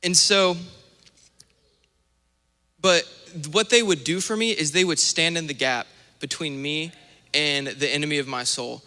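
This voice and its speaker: A young male minister preaching a sermon, telling stories in an animated way and acting out little scenes. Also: on the high side, unhurried, long pauses, clear, resonant tone. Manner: animated storytelling with acted-out asides. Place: church sanctuary. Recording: long church hall reverb.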